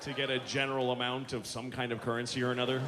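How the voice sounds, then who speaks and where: A man's voice: mid-range voice, little pitch movement, fast talker, background noise. A male stand-up comedian doing a set on stage, profane, exasperated and mocking. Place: theater stage. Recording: big hall with a loud, laughing crowd.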